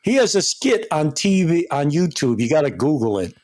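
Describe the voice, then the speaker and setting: A man's voice: on the high side, sing-song, moderate pace, a little mellow. A man hosting a casual chat, telling rambling, profane stories. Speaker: host.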